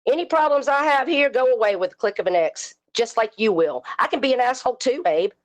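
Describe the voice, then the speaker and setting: A woman's voice: fairly high pitch, expressive, brisk. Furious woman ranting. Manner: confrontational, cursing, taunting. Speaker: live stream host. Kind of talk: angry profane rant.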